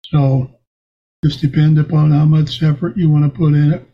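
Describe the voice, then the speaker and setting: A man's voice: on the high side, little pitch movement, moderate pace. An older man, a lawyer and guest, telling courtroom stories in an earnest, folksy way. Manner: earnest, folksy, retells courtroom scenes with quoted voices. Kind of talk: casual interview storytelling. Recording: dull lo-fi audio with loud background noise.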